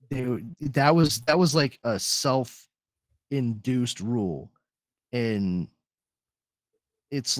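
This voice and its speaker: This podcast host is a man with a mid-range voice, rambling and swearing freely in a casual, animated chat. The sound is clean studio audio with no room sound.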